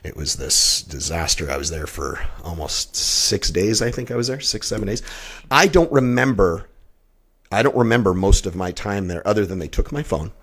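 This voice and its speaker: A man in his fifties sits as a podcast guest, telling his own story with raw intensity. His voice is fairly low, and he talks bluntly, swearing freely as he goes. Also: expressive, normal speed, a bit bright, slightly rough. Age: 50s. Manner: blunt, heavily profane, intense. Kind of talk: emotional personal storytelling.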